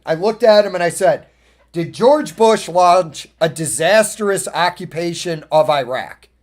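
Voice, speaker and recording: Male podcast host, high-pitched voice, blunt and profane, ranting casual monologue. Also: lively intonation, unhurried, darkish tone.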